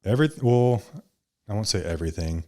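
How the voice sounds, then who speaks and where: Young man, podcast guest, fairly low voice, laid-back, monotone, casual chat. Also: fairly quick. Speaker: podcast guest, social media creator.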